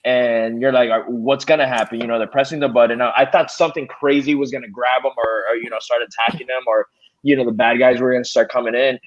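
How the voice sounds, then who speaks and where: Man, podcast co-host, animated, swears a lot, slightly dull lo-fi audio. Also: mid-range voice, fast talker. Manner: animated storyteller, swears freely. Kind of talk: casual chat.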